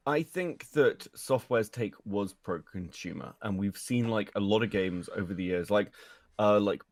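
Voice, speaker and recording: A man's voice: lowish voice, a little slow, no room sound. A British man chatting casually as a guest on a stream, laid-back and swearing. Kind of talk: casual chat.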